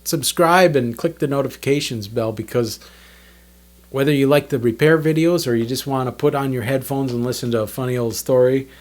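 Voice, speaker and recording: A man's voice: medium pitch, brisk. A man in his fifties, a drummer and channel host, telling stories in a rambling, chatty way with frequent restarts. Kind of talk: casual storytelling monologue.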